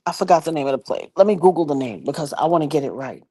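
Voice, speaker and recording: A woman's voice: low voice, racing, slightly rough. A woman in her fifties telling a personal story in a casual livestream, acting out the voices of the people she quotes and talking about prophecy like a preacher. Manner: animated retelling, acts out quoted voices; preachy, talks of prophecy and God.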